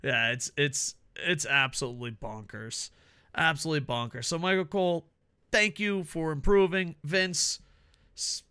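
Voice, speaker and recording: A man co-hosting a wrestling podcast in casual chat, animated and jokey, laughing often. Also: medium pitch, clean tone. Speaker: podcast co-host.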